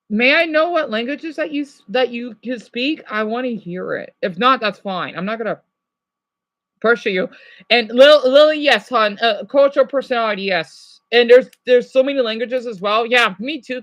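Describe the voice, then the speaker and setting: Casting: American man, bright voice, rambly live-stream chatter, stumbles and restarts. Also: very high-pitched. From United States. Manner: rambling, many restarts and fillers. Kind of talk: casual live chat with viewers.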